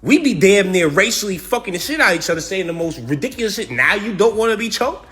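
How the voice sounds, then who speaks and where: A man's voice: high voice, expressive, fast, a bit bright, soft background music. A man hosting a podcast, giving brash, profane and mocking comedic commentary as a self-described hater roasting his subject. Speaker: podcast host.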